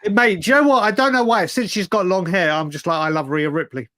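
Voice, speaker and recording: A high-pitched man chats on a livestream, excitable and quick to laugh. His voice sits close and dry on the mic, with no room sound around it. He keeps repeating himself as he gets carried away. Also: dry recording. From United Kingdom. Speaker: livestream host. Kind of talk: casual chat.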